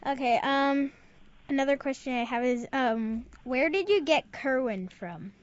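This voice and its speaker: High, smooth young girl interviewer. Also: unhurried, no room sound, muffled recording. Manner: hesitant, with filler ums. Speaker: kids film correspondent. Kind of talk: reading interview questions.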